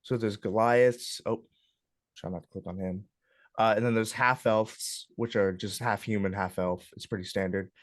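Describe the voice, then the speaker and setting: Young guy, lowish voice, running a club class, lots of um and uh, dry close sound. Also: moderate pace, no echo. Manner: relaxed, hesitant, lots of ums and uhs. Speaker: club workshop instructor. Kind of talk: casual classroom walkthrough.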